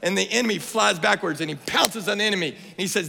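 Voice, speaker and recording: A man, preaching a playful, energetic sermon that rises to shouts. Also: sits high, fast talker, gravelly. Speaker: guest preacher. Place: church sanctuary. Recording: long hall reverb.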